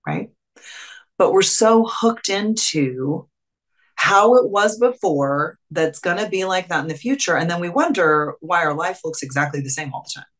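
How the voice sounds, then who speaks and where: A clarity and confidence coach, a woman, appears as a webinar guest and talks casually, packing her speech with fillers and acting out quoted dialogue. Her voice sits on the low side and is expressive and fairly bright, at a moderate pace.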